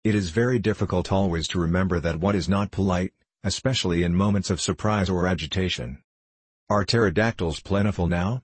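A man narrating a children's storybook in a steady, measured way. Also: deep voice, breathy edge, no room sound. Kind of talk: audiobook narration.

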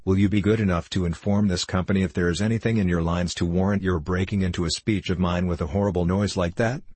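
Guy reading as a pompous stage star, icy theatrical, deep husky voice. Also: expressive, moderate pace, a little mellow, no echo. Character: pompous, temperamental male star actor. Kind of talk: audiobook character voice.

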